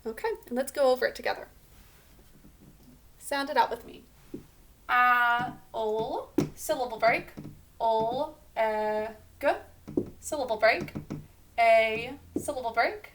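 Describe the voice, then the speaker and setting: A woman's voice: fairly high pitch, slow, pauses often, background noise. A woman teacher giving a recorded spelling lesson, patiently sounding out each syllable and letter sound.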